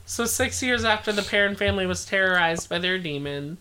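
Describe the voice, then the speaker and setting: A woman's voice: mid-range voice, expressive, a little fast, sharp tone, slight background noise. A young adult woman co-hosting a casual podcast, retelling a haunting story in a chatty, joking way and swearing now and then.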